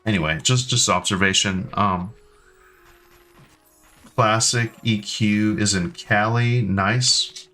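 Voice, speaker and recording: Soft music plays behind a low, steady, bright and forceful male voice that moves slowly and pauses often. He's an American in his thirties, rambling hesitantly to stream viewers with lots of ums and restarts.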